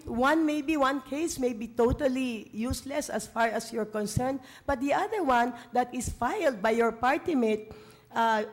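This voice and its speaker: A woman's voice: a little high, a little mellow. Emphatic woman council member. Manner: argumentative, emphatic, repeats and restarts phrases. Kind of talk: council debate speech. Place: city council session hall.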